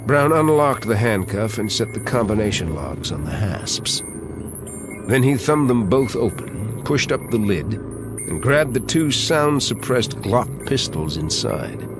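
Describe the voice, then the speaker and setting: A man reading a thriller audiobook in an expressive, dramatic manner. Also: on the low side, measured pace, music in the background. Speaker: audiobook narrator. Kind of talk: scripted thriller narration.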